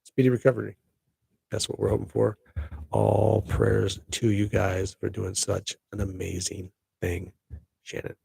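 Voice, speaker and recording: A man's voice: on the low side, level tone, unhurried, gravelly, warm tone, husky, no echo. A middle-aged man hosting a casual live podcast stream, rambling upbeat to his viewers. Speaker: podcast host.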